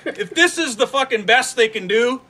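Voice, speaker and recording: A man co-hosting a casual show review, ranting with lots of swearing and shouting. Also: very high-pitched, lively intonation, moderate pace, background noise. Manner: profane ranting, shouts then trails off into mumbling. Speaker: podcast co-host.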